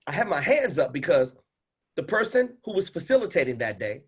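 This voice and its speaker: A man coaching a caller on a livestream. He is animated and instructive and swings between loud and hushed delivery. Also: fairly high pitch, brisk, slightly rough. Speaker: speaking coach and host.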